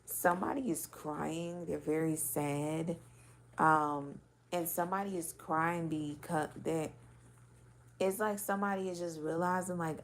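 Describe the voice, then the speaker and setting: A woman's voice: deep voice, fairly even intonation, unhurried, a little hiss or hum. A woman giving a casual intuitive reading, talking loosely and bluntly with swearing and many filler words. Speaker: spiritual card reader.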